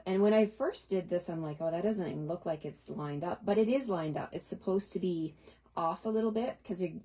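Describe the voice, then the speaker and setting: Middle-aged female craft demonstrator, lower-pitched, friendly step-by-step explainer who answers viewer questions. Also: darkish tone. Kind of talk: live card-making tutorial.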